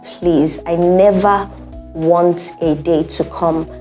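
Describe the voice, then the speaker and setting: Earnest young woman with a low voice. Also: fairly even intonation, slow, darkish tone, soft background music. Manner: earnest, repeats points for emphasis. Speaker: vlogger. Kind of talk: heartfelt personal monologue.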